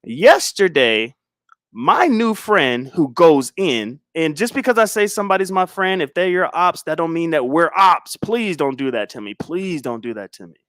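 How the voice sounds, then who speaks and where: A man's voice: on the high side, big pitch swings, moderate pace, fairly bright tone, dry recording, clean studio sound. A man hosting a casual livestream, talking in a laid-back, slangy, rambling way with chuckles. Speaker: livestream host.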